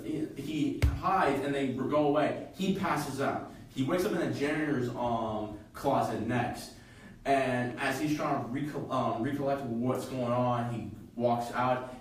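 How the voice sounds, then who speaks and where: A man casually retelling a fan fiction story on a podcast, halting and full of fillers. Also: medium pitch. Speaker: podcast co-host. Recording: echoey room, from far off.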